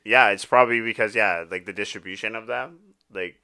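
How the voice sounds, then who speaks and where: Fast-talking gravelly low-voiced podcast man. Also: fairly even intonation, pushed and bright. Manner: rambling, explains at length with many fillers. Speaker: podcast co-host. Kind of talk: casual chat.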